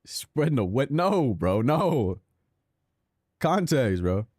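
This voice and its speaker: A man's voice: medium pitch, big pitch swings, takes it slowly, a little mellow, breathy edge, no room sound, clean studio sound. A young man streaming a racing game, chatting with his viewers in a sarcastic, self-deprecating, rambling way. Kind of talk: casual live-stream chat while gaming.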